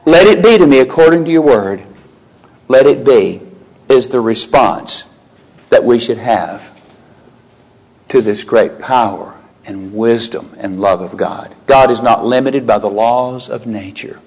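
A man, older, preaching a sermon, animated, rising sharply in pitch when quoting and exclaiming. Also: unhurried, low-quality recording.

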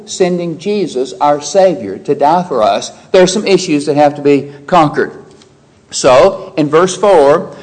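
A man's voice: a little high, a little mellow, poor audio. A man preaching a verse-by-verse sermon, raising his voice when he quotes scripture and asking the listeners questions. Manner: emphatic, rising sharply when quoting scripture; explains verse by verse with rhetorical questions. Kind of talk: expository sermon.

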